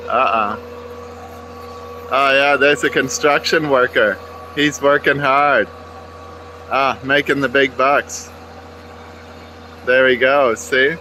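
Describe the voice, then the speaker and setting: A man's voice: medium pitch, steady tone, slow pace, long pauses, pushed and bright, slight background noise, low-quality recording. A man vlogging outdoors near a construction site, rambling wryly and cursing freely into a handheld camera. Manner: profane, rambling and wry. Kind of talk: casual rambling monologue to camera.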